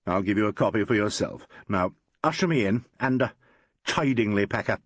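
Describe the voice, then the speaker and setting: Man reads genteel English chief inspector in an audiobook, teasing and polished, lively lilt, dry close sound. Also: fairly low pitch, fairly quick, no echo, muffled recording. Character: suave, playful English chief inspector, male.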